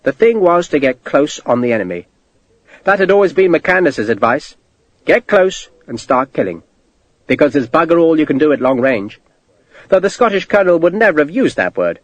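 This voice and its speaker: A man narrating a historical war novel as an audiobook, with an expressive storytelling delivery. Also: fairly high pitch, moderate pace, no room sound. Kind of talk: scripted narration.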